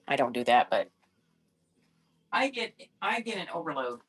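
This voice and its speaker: A woman's voice: lowish voice, big pitch swings, moderate pace, pauses often, fairly bright tone. A middle-aged woman chatting casually on a live-stream sale, rambling and thinking aloud while she checks sizes. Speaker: online reseller selling on a live shopping app.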